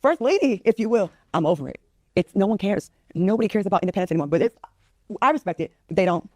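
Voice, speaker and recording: A woman's voice: mid-range voice, expressive, fast, warm tone, dry recording, studio quality. A woman, venting with exasperated, profane comic rants. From Rhode Island. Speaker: talk show guest. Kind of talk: venting in a conversation.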